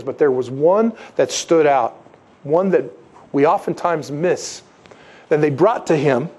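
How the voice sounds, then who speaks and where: A man with a slightly higher voice preaches a sermon. He talks conversationally and is animated, and he acts out the quotes himself. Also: husky. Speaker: pastor.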